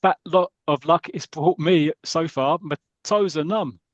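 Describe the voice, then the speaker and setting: A man's voice: fairly high pitch, a little slow, no room sound, dull audio, lightly acted. A man doing a blustering football boss. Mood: gruff. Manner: blustering, exclaims loudly. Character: gruff older male football club boss.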